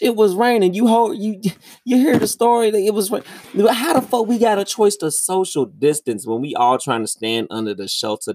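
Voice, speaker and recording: A young man telling a story in a casual, profane ranting monologue, with his voice jumping high when he gets exasperated. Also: dry recording, studio quality. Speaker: vlogger.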